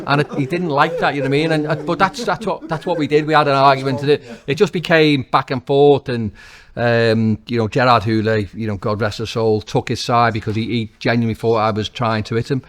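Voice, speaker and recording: A man with a Liverpool accent, a former footballer and now a manager, telling animated, swear-laced stories as an interview guest, with many restarts. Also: mid-range voice, quick pace. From Liverpool, England. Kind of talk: casual interview anecdotes.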